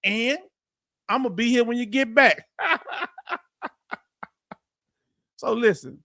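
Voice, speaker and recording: Southern Texan man hosting a livestream, high voice, dry close mic, talks blunt and direct to chat. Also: normal speed, vocal fry, pushed and bright, no echo. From Houston, Texas. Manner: blunt, straight-talking, addresses chat directly. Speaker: livestream host.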